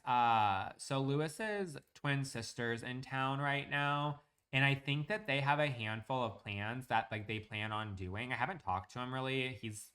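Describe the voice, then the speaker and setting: A man's voice: mid-range voice, a bit bright. Chatty young man rambling on a stream. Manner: rambling, chatty, lots of fillers. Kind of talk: casual live-stream chat while gaming.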